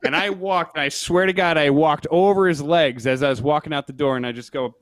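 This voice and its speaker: A man's voice: on the high side, fairly even intonation, brisk, no room sound. A man co-hosting a podcast, telling a rambling story in casual chat, laughing as he goes. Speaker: podcast co-host.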